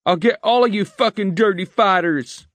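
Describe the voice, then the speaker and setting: A man's voice: fairly even intonation, normal speed, dry recording. Audiobook: worked-up teen boy, played by the male narrator, strained and raised, dry studio sound. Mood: furious. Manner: shrill, tearful shouting. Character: overweight sixteen-year-old boy, furious and sobbing.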